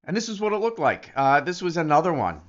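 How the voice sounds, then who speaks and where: A man talking casually in a vlog, excitable and animated, often restarting his sentences. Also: a little high, fast. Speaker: affiliate marketer. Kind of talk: casual vlog talk to camera. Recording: dull lo-fi recording.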